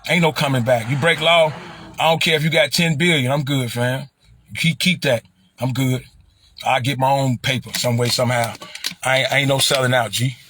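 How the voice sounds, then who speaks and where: A middle-aged man from Chicago with a Chicago accent, talking on a livestream in an animated, preachy way and repeating phrases. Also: mid-range voice, normal speed, a little hiss or hum. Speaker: livestream commentator. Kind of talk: casual livestream talk.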